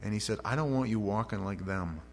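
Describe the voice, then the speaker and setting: Over a faint hum from the mains, a man with a fairly low, darkish voice preaches briskly. As a pastor giving an expository sermon, he reads each verse aloud and then paraphrases it in everyday modern speech.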